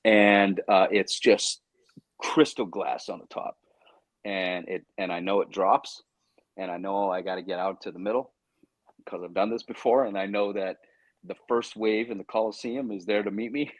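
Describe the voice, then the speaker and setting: A man's voice: lowish voice, normal speed, dry recording, rough recording. A man, an actor guest on an interview show, telling a story animatedly, acting out his own inner voice and stumbling over restarts. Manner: frequent restarts and stammers when excited.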